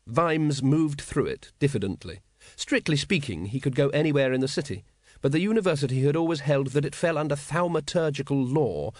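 A man's voice: mid-range voice, no room sound. A man reading an audiobook as narrator in a dry, wry storytelling manner. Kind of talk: scripted narration.

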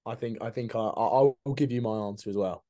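Jokey man, mellow voice. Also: on the low side, fast. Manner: jokey, laughs often, says "mate" a lot, quizzes his co-host. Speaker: podcast co-host. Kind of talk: casual chat.

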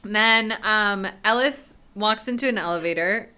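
Bright, smooth-voiced woman recapping a show. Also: mid-range voice, a little slow. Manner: animated retelling with swearing and laughter. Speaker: podcast co-host. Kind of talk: casual recap chat.

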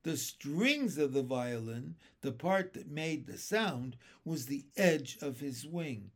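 A man reading a children's book aloud chapter by chapter, in a slow, lively storytelling manner. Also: fairly high pitch. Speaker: storybook reader.

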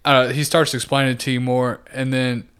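A man co-hosting a casual podcast, retelling scenes with profane, animated asides. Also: medium pitch, normal speed, clean tone. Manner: animated retelling with acted-out quotes; profane and laid-back. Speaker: podcast co-host. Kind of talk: casual chat.

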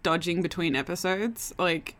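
A woman's voice: fairly low pitch, moderate pace, a bit bright. A young woman co-hosting a podcast in casual chat, giggling often as she talks. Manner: giggly, laughs easily. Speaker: podcast co-host.

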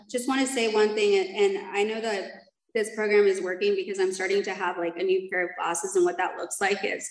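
In an echoey room on a low-quality recording, a mid-range-voiced woman opens up to her recovery meeting about her life. Her account is frank and meandering, full of self-deprecating humor and frequent laughter.

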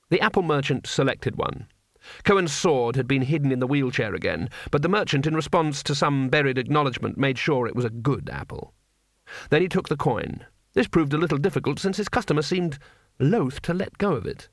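A man narrating a comic novel as an audiobook, in a wry, expressive storytelling manner. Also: mid-range voice, a little fast, no room sound, clean studio sound.

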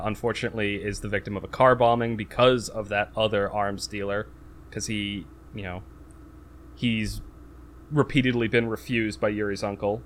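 A man's voice: lowish voice, slight background noise. A man in casual podcast chat, recapping a movie plot with lots of fillers and restarts. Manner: rambling, many fillers and restarts; acts out quotes in raised voice.

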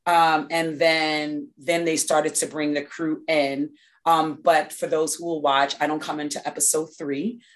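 A woman's voice: low-pitched, little pitch movement, a little slow. A woman from New York, a guest in a casual interview, talking in a reflective way with many restarts and fillers.

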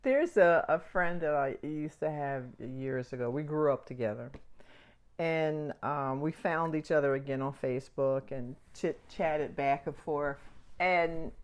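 A woman's voice: sits low, lo-fi sound. A woman in casual conversation, telling stories and acting out the people she quotes. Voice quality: animated storyteller acting out quoted voices. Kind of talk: casual chat.

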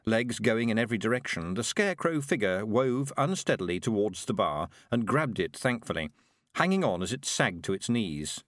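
Male audiobook narrator, wide-ranging, lively delivery, dead-dry close mic. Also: on the low side, no echo. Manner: dry, expressive storytelling.

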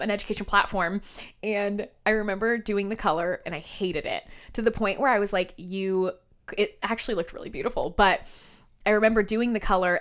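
Frank, profane woman telling stories. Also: medium pitch. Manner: frank and profane, animated, laughs through stories. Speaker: podcast host, hair colorist and trainer. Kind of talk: candid personal storytelling.

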